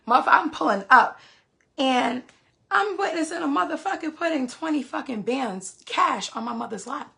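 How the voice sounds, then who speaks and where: A woman's voice: high voice, vocal fry, bright, forceful tone. A woman, telling a story on a phone livestream in a profane, emphatic way. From Queens, New York. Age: 20s. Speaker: live streamer.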